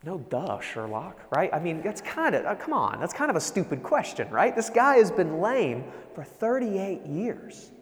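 A man preaching a sermon in a conversational, animated way, often checking in with "right?". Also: high-pitched, a little slow, hardly any pauses, big-room sound. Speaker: pastor.

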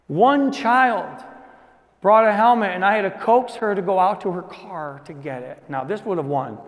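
A man preaching a sermon to a congregation in a conversational style, moving between loud emphasis and hushed asides. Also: high voice, normal speed, big-room sound. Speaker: pastor.

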